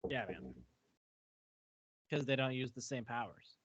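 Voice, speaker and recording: A man's voice: mid-range voice, very animated, a little slow, a bit bright, husky, no room sound. A man co-hosting a casual book review podcast, enthusiastic and profane, laughing often. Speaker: podcast co-host. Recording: dry, dull lo-fi audio.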